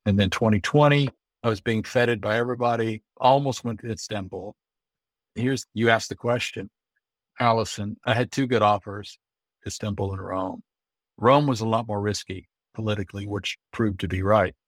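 A middle-aged American man, a guest on an interview, telling lively anecdotes and acting out the dialogue he quotes. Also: lowish voice, normal speed, no room sound. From United States. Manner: lively storyteller who acts out quoted dialogue. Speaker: guest, Olympic bid consultant.

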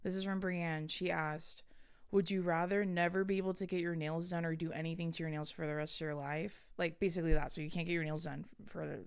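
A young woman from Southern California co-hosting a podcast in casual chat, telling stories quickly and bluntly with plenty of swearing. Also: on the low side, steady tone, clear, resonant tone. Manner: quick storytelling, blunt and profane. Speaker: podcast co-host.

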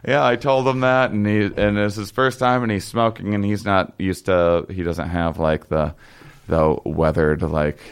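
A young man telling a long story in casual chat, halting and rambling, with many fillers and restarts. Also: low-pitched, fairly even intonation, clear, resonant tone.

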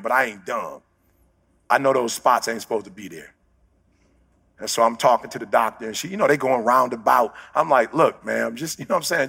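Gravelly, shouting motivational speaker man. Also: medium pitch, long reverb tail. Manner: casual slangy storytelling, bursts into shouts. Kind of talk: storytelling speech.

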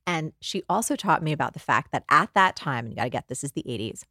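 A woman in her forties from New Jersey, a guest author and life coach, telling animated stories in an interview and acting out the voices in them. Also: low voice, fast talker, dry recording, clean studio sound. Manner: lively, acts out voices in her anecdotes.

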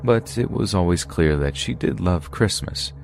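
Very deep-voiced man narrating scary stories. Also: gravelly, slight background noise. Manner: steady, measured storytelling. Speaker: podcast narrator.

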